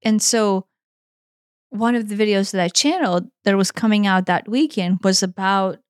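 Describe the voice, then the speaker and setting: A woman's voice: mid-range voice, normal speed, no room sound, clean studio sound. A woman in her forties co-hosting a podcast, talking in an earnest, emotional way and swearing freely. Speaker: podcast co-host. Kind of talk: casual conversation.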